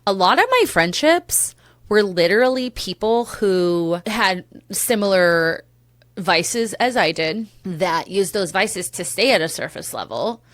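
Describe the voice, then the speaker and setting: A woman's voice: medium pitch, animated, unhurried, fairly bright tone, no room sound. A woman in her thirties hosting a solo podcast, talking candidly and emotionally, swearing casually and drifting into tangents. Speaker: podcast host.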